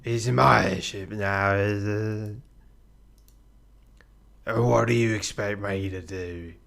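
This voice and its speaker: A man voicing a drunken, mocking ship captain with a slurred piratey drawl, a gravelly low voice and slow, lurching delivery. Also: steady tone, fairly bright tone, exaggerated voice. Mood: taunting.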